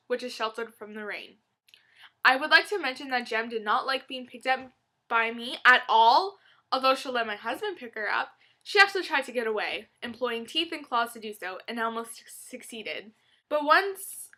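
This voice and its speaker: A woman's voice: high-pitched, sharp tone. A woman reading a humorous blog post aloud in a playful, loosely acted way. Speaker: reader.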